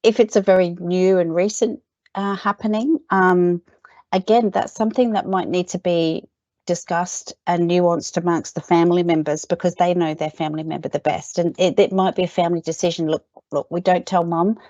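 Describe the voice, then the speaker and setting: A woman's voice: on the low side, steady tone, moderate pace, warm tone, dry recording. A woman presenting a webinar, explaining care advice in an emphatic, practical way. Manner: emphatic and explanatory, often opening with "look". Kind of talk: webinar discussion. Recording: dry, dull video call.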